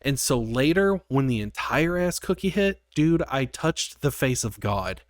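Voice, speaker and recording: A man co-hosting a podcast, telling a story in casual chat with lively, profane energy. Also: mid-range voice, measured pace, no room sound, clean studio sound. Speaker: podcast co-host.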